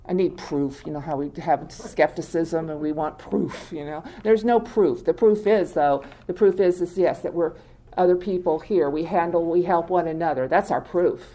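A woman's voice: lowish voice, normal speed, mellow. Woman at a recovery meeting, talking straight to the group, conversational, keeps asking the room questions. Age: adult with many years in recovery. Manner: conversational, quizzes the audience, laughs often. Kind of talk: informal talk to a group.

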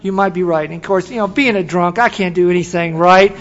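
A man's voice: sits high, fairly bright tone, lo-fi sound. Older man telling a folksy recovery story. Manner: folksy and self-deprecating, with halting restarts. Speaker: speaker sharing his story at a recovery meeting. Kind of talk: personal story told to a live audience. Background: audience laughter.

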